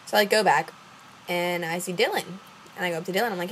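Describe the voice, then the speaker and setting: A woman's voice: on the low side, steady tone, fast talker, slight background noise, rough recording. A young woman from Louisiana telling a long story to her camera, rambling with lots of fillers and acting out what others said. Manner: rambling, acts out quoted voices, many fillers. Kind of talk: casual storytelling vlog.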